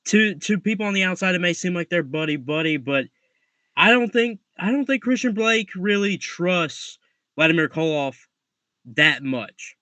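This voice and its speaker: A man co-hosting a wrestling preview show, speaking haltingly and repeating himself as he explains. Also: sits high, expressive, bright, forceful tone, no echo. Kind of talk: casual podcast chat.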